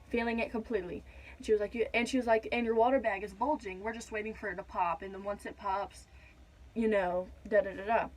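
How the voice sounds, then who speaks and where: A woman's voice: fairly high pitch, low-quality recording. Chatty young woman vlogger. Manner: chatty, talks to viewers directly, fills with "da da da". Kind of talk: casual storytime.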